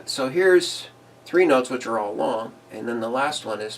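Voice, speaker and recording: A man teaching big band arranging in a casual tutorial, relaxed, chuckling now and then and singing phrases as "ba da da". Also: mid-range voice, moderate pace, distant mic. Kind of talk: casual screen-recorded tutorial.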